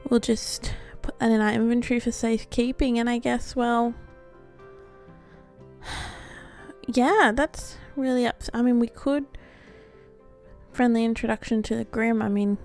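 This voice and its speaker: A woman with a fairly high, slightly mellow voice comments on her game for a let's play, speaking unhurriedly with fairly even intonation and long pauses. She stays chatty, giggly and self-deprecating over faint background music.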